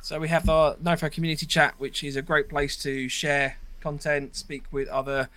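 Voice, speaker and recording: A man's voice: fairly high pitch, little pitch movement, moderate pace, pushed and bright, no echo. A man hosting a casual podcast, rambling along with plenty of ums and uhs. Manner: rambling, with many fillers. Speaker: podcast host.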